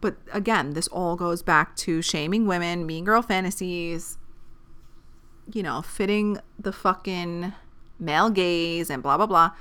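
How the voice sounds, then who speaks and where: A woman's voice: medium pitch, smooth. Blunt, profane woman podcaster in her thirties. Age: 30s. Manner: blunt, profane and animated, giving dating advice. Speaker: podcast host. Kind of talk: casual podcast monologue.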